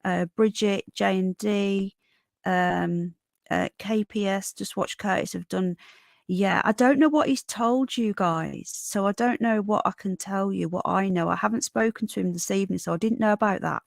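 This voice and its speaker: A woman's voice: medium pitch, normal speed, creaky, dry recording, clean studio sound. A woman with a Northern English accent hosting a casual livestream, tired, greeting viewers by name and calling them darling. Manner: greets viewers by name while reading chat; calls viewers darling and sweetheart. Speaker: livestream host.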